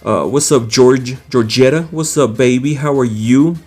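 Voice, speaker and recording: A man's voice: medium pitch, unhurried, darkish tone, soft background music. A young man hosting a live stream, casually greeting viewers by name and reading their comments aloud with frequent laughs.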